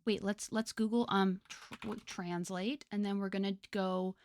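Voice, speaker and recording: A young woman streamer chats casually with her viewers, rambling with lots of fillers and laughing often. Her slightly mellow, mid-range voice moves at normal speed with fairly even intonation, and the studio sound is clean with no room sound.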